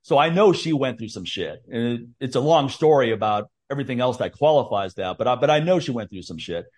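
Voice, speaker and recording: A man's voice: mid-range voice, lively intonation, a little fast. A man hosting a podcast, talking candidly and rambling, with frequent swearing and restarts. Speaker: podcast host. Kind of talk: casual podcast chat.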